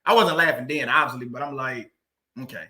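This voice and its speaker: On his casual livestream, a man recounts something personal and reads comments from viewers, staying animated, laughing frequently, and doubling up words for emphasis. His voice sits in the mid-range and he talks fast.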